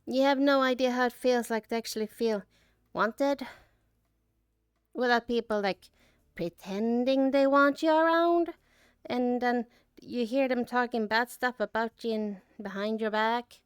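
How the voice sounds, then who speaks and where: A woman giving an emotional personal reflection as an artist. She is choked up and holds back tears, talking haltingly with many restarts and trailing phrases. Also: fairly high pitch, clean tone, no echo, clean studio sound.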